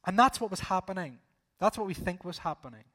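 High-voiced preacher. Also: male voice, brisk. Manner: animated, asks the congregation rhetorical questions, swings from loud to hushed. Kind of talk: sermon.

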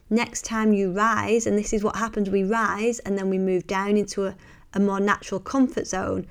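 Earnest woman guiding a visualization. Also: mid-range voice. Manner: earnest and encouraging, softening to a hushed, slow delivery. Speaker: podcast host and meditation guide. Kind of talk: motivational podcast talk leading into guided visualization.

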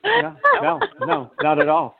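Joking radio host on a tinny line. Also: male voice, a little high, wildly swooping pitch, unhurried, vocal fry, husky. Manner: joking, rambling, with many fillers. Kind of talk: live call-in radio chat.

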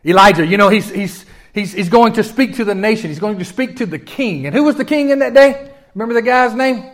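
A man preaching a sermon in a folksy, animated way, often asking his listeners questions. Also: sits high, a little fast. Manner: folksy and animated, with repeated restarts and audience questions. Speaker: pastor.

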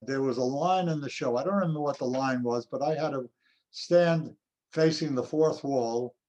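An older male actor reminiscing in an interview, telling anecdotes in an unhurried way. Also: mid-range voice, a little mellow, dull audio. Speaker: actor guest.

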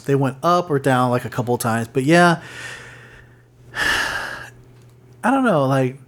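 Male podcast co-host, mid-pitched, loose and rambling, stumbles and restarts while reading notes. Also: animated, measured pace. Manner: rambling, many fillers and restarts, reads notes aloud. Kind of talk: casual chat.

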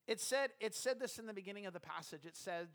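A pastor with a notably high voice for a man preaches a sermon to his congregation, fast and with lively intonation and a fairly bright tone. He speaks conversationally, walking through a scripture passage while posing rhetorical questions.

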